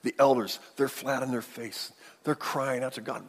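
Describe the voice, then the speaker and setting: A man preaching a sermon, acting out the quotes dramatically with big swings between loud and hushed. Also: mid-range voice, fairly quick, slightly rough. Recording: long hall reverb.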